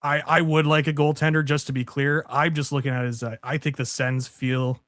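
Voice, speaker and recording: A man's voice: on the high side, flat delivery, a little fast, a bit bright, no room sound. Easygoing male co-host with dry quips. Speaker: sports show co-host. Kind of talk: casual sports chat.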